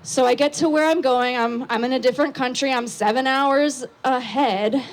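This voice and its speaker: High-voiced woman telling a story loudly. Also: normal speed, a little hiss or hum. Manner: loud, excitable, talks with lots of fillers. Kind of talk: live storytelling on stage. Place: outdoor patio stage.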